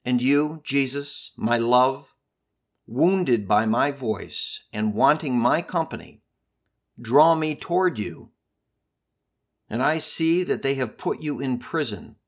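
Slow, solemn man reading a prayer. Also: medium pitch, slightly rough. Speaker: reader of a devotional text.

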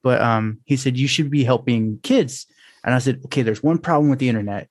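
A man hosting a podcast, talking in a hesitant, halting way with many pauses and restarts. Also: medium pitch, darkish tone, dry recording, clean studio sound. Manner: hesitant, many fillers and restarts, self-described introvert. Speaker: podcast host. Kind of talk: casual podcast conversation.

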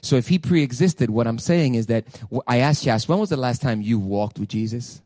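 A man preaching a sermon as pastor, emphatic, swinging between loud declarations and hushed asides. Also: medium pitch, expressive, normal speed, no echo, studio quality. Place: church sanctuary.

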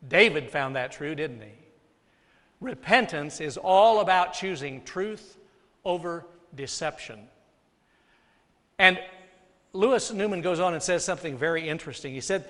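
Male pastor, slightly high voice, preaching with soft dips and loud peaks in a reverberant sanctuary. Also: lively intonation, a little slow, long pauses. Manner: dynamic preaching, drops soft then rises loud. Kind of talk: sermon. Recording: long hall reverb.

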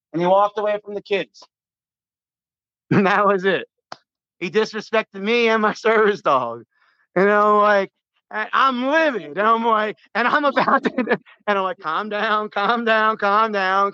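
A man's voice: high voice, unhurried, long pauses, no room sound, muffled recording. A middle-aged man from the United States, calling a sports radio show and telling a long, rambling story full of restarts. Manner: rambling, animated, frequent restarts and laughs. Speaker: caller.

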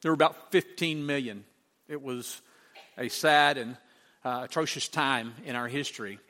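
A man's voice: mid-range voice, moderate pace, pushed and bright, big-room sound. A man preaching a sermon, building to emphatic rhetorical questions. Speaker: pastor.

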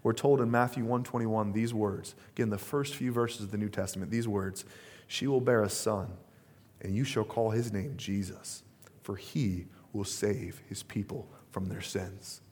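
A man in his thirties, a pastor preaching a sermon, telling stories in a relaxed conversational way with plenty of fillers and asides. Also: on the low side, normal speed, breathy edge.

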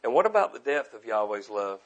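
A middle-aged man preaching a sermon, earnest and repetitive, moving between loud emphasis and quiet asides. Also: on the low side, sing-song, a little fast, highs cut off.

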